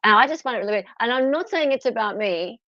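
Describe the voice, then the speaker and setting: A woman's voice: on the high side, animated, quick pace, bright, forceful tone, dry recording. An Australian woman hosting a live stream, chatting casually and animatedly, laughing often. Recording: dull, dry, slightly lo-fi.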